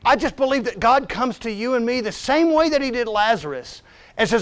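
Man, high voice, emphatic conversational church sermon from a visiting missionary preacher. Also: expressive, brisk, fairly bright tone. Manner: emphatic, conversational, keeps urging "listen" and "come on now". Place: church sanctuary.

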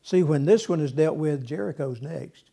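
High-voiced folksy preacher. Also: male voice, normal speed, vocal fry, mellow. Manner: folksy, repeats words, acts out whiny voices. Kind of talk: sermon. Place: church with congregation responding.

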